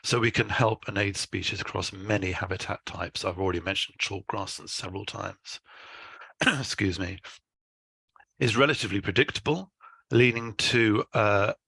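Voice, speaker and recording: Man giving a husky, forceful lecture. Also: on the low side, no echo. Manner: measured explanatory delivery with dry asides. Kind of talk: conference talk.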